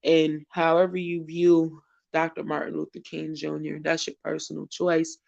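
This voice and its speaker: Male livestream host, gravelly, emotional and near tears, preaching with urgency; muffled lo-fi audio. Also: a little high, monotone, normal speed. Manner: preacherly and urgent, with repeated phrases and casual shout-outs. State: tearful and emotional. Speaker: host of a live online show. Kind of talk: emotional livestream talk and exhortation. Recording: dull lo-fi stream audio.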